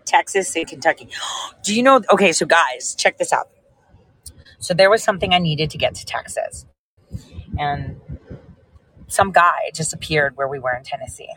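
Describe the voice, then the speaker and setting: A woman's voice: low voice, normal speed, pauses often, slightly rough, no echo, poor audio. A woman hosting a casual livestream chat, telling rambling stories and talking straight to her viewers. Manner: rambling, animated storytelling; speaks directly to viewers.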